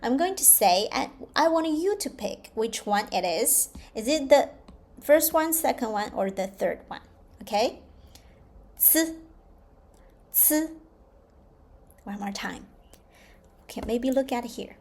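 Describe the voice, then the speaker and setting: A woman teaching a slow, patient language lesson, repeating each sound clearly for learners. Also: on the high side, expressive, darkish tone. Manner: drawn-out, repeated model pronunciations. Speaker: Chinese teacher.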